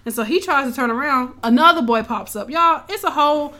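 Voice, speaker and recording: A woman recapping a show in casual, animated storytelling, swearing freely and acting out the characters' lines. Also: sits high, a little fast. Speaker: podcast co-host recapping a show.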